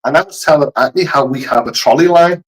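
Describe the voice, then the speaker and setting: A man's voice: a little high, quick pace, breathy edge, rough recording. Chatty British man telling stories. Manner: animated storyteller slipping into voices. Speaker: guest. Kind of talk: casual chat.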